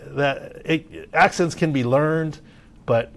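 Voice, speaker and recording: Talking at a slow pace in a slightly high voice, this middle-aged Southern Californian analyzes sports medicine on a podcast. He keeps it casual and animated, with plenty of filler words.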